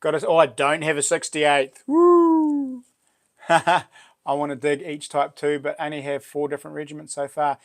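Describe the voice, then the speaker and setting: This livestream host is a middle-aged New Zealander who chats casually, calling out viewer names and welcoming each one warmly. He speaks at a moderate pace in a voice on the high side, with little movement in pitch.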